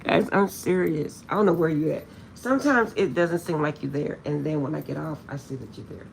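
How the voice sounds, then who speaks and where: A woman vlogger chats casually to her viewers with a gravelly, fry-tinged voice. She tells her story animatedly, laughing often and repeating that she is serious, over a faint hiss in the background. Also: deep voice, a little fast.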